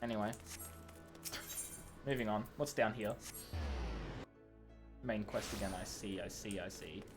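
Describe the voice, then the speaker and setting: A man's voice: lowish voice, unhurried, pauses often, over music. A man streaming a game, chatting casually in a rambling, self-mocking way full of fillers. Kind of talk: casual gameplay chat.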